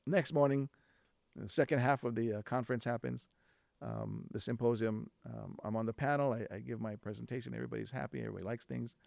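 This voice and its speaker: A man telling a personal story on stage before a live audience, relaxed and chatty, with fillers and restarts. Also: mid-range voice, fast talker, creaky, no echo, clean studio sound. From Hawaiʻi.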